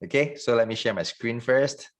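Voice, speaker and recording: A man giving an online sales training in a fast, joking, salesy patter. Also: mid-range voice.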